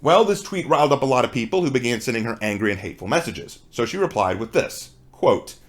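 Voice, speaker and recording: A man's voice: medium pitch, animated, fast. A man giving a conversational response commentary, rebutting points and asking rhetorical questions. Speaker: commentary video creator.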